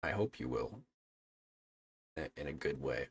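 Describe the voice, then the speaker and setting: A man streaming a video game, chatting with viewers in a playful, jokey way that gets excited easily. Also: very deep voice, moderate pace, creaky, pauses often, husky, dry recording. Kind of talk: casual gameplay livestream chat. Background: faint game music.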